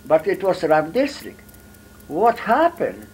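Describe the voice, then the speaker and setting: A man in his eighties with a Polish accent, a war veteran telling his story in halting, broken English with many fillers. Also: high-pitched, huge pitch swings, darkish tone, slightly rough, low-quality recording. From Poland. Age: 80s. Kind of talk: storytelling in an interview.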